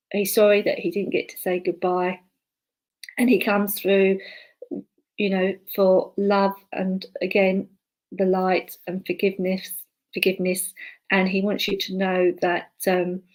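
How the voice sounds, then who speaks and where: A woman relaying spirit messages to an online congregation as a medium. Her delivery is hesitant and full of fillers and restarts. Between messages she drops to a soft murmur, as if talking to herself. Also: medium pitch, rough recording. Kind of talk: live online clairvoyance demonstration.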